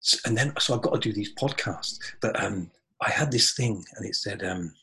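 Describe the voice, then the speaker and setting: A man's voice: lowish voice, lively intonation, moderate pace, bright, forceful tone, breathy edge, rough recording. A man talking earnestly and reflectively in a spiritual conversation on a podcast.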